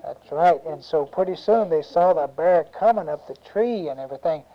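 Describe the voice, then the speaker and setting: An adult telling a children's story aloud, animated, with sound effects and questions to the listening kids. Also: medium pitch, moderate pace. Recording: dull lo-fi home recording.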